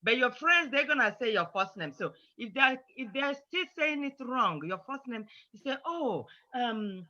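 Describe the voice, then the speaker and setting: A woman's voice: high-pitched, animated, moderate pace, few pauses, pushed and bright. A woman teaching children in an online class, patient and coaxing as she explains. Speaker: language teacher. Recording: muffled lo-fi audio.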